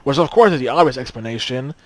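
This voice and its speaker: A man's voice: mid-range voice, animated, fast, poor audio. Dry, sardonic young man. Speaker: co-host of a gameplay video. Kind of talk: casual chat during gameplay.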